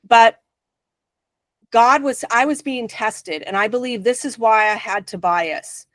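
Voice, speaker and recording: A woman with a fairly high voice tells her spiritual awakening story in an interview, earnest and emphatic. Her voice sits close and dry, with no room around it. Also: measured pace, fairly bright tone, dry recording. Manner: earnest, emphatic personal testimony. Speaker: guest.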